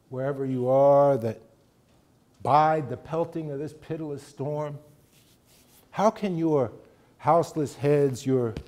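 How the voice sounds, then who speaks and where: Aged king full of remorse as a lecturer recites him, soft and slowed, a bit lower than his own voice. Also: gravelly. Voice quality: hushed, slow and lowered.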